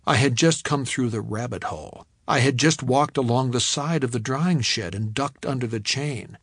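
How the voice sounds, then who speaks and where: A man reading a novel aloud in the first person, telling the story in a measured, reflective way. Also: medium pitch, fairly bright tone, no room sound, clean studio sound. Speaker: audiobook narrator. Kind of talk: first-person audiobook narration.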